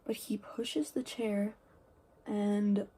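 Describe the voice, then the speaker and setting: A teenage girl rambling through a casual get-ready-with-me story, full of "like" and "um", with quiet asides. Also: medium pitch, fairly even intonation, drawn-out words, breathy edge. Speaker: vlogger.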